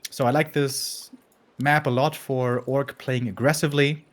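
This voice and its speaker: A man's voice: medium pitch, little pitch movement, unhurried. A man casting a strategy game match, chatty and laughing easily with his co-caster. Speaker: esports caster. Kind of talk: casual game commentary.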